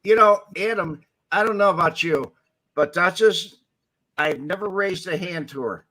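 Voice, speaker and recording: A man's voice: sits high, normal speed, bright, forceful tone, poor audio. A man co-hosting a casual live-stream chat, matter-of-fact in his remarks. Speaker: podcast co-host.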